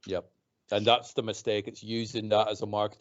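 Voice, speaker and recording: A man hosting a casual podcast chat, animated, mocking others by putting on voices. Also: fairly low pitch, moderate pace. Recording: dull lo-fi podcast audio.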